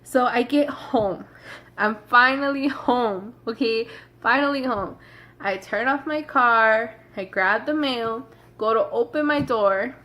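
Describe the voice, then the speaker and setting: A young woman telling a storytime vlog in a chatty, rushed way, talking straight to her viewers. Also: fairly high pitch, bright, forceful tone. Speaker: vlogger.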